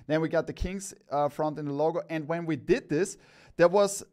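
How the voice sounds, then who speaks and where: An excitable man hosts a live stream showing off products, his voice pitched a little higher than most men's. He rambles with enthusiasm, piling up praise and repeating himself as he goes from one item to the next. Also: moderate pace. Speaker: cap store host.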